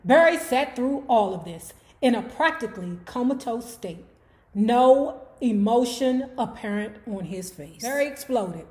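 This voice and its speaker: A woman's voice: a little high, animated, a little slow, darkish tone. A woman hosting an online book club, reading a memoir aloud and breaking off for sassy, profane commentary to her viewers.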